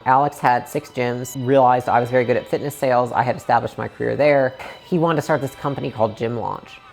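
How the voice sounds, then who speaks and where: A woman's voice: extremely low pitch, steady tone, brisk, vocal fry, darkish tone, soft background music. A woman in her twenties telling her own story in a casual, conversational way, full of "like" fillers and acted-out quotes. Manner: conversational, frequent "like" fillers, acts out quoted lines.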